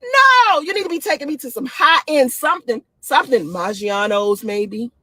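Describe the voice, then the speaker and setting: A woman chats excitedly on a stream, breaking into laughs and high swoops. Her voice is fairly high with a husky edge. The sound is dry and close. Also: normal speed, dry recording. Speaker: live-stream host giving dating opinions. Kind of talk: casual live-stream talk.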